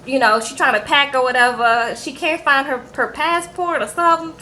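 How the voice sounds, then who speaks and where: A woman casually recapping a reality show, animated and sassy, acting out quotes with asides to her viewers. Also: sits high, normal speed, a little hiss or hum, poor audio.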